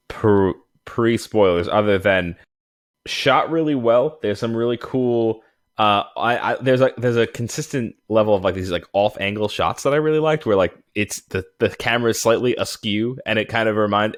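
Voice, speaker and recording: A man co-hosting a movie podcast, chatting casually with lots of restarts and fillers. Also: lowish voice. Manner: rambling, animated, many fillers and restarts. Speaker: podcast co-host.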